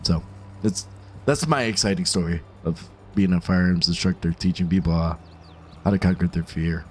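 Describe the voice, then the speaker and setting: A man's voice: deep voice, normal speed, slight background noise. Laid-back man telling a war-veteran story. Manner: animated, laid-back, swears casually. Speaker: firearms instructor. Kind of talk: casual storytelling to camera.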